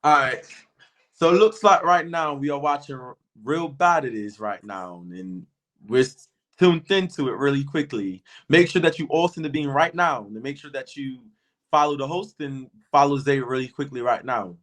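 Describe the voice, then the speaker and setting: A man's voice: medium pitch, normal speed, a bit bright. A man guesting on a livestream talk show, telling stories in a casual, rambling way with lots of fillers and restarts. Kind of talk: casual chat.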